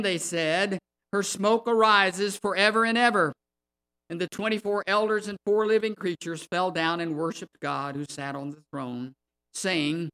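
Slow, emphatic male preacher. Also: high voice, sharp tone. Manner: slow, emphatic, rising in force on key words. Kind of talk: sermon with Bible reading.

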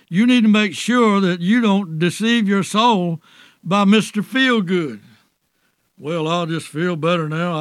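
Preacher, male, high voice, slow earnest delivery with halting restarts. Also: fairly bright tone, no echo. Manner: earnest, halting restarts, often says "dear soul". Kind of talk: sermon.

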